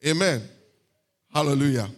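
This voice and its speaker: A man with a Nigerian accent giving a sermon testimony in church, lively and sprinkled with hallelujahs and pidgin asides. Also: fairly high pitch, moderate pace. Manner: lively, punctuated by frequent hallelujahs and amens. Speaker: preacher sharing a testimony.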